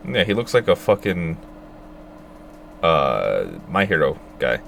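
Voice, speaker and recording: A man's voice: low-pitched, very animated, moderate pace, creaky, fairly bright tone, slight background noise. A man streaming, reading a game's story aloud and adding casual, profane asides.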